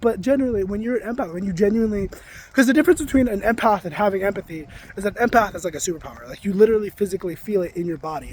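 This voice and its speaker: High-voiced man venting to camera. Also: dark tone, a little hiss or hum. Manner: emphatic, ranting, swears freely; reflective, self-help reminders. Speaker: vlogger. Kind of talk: casual confessional monologue.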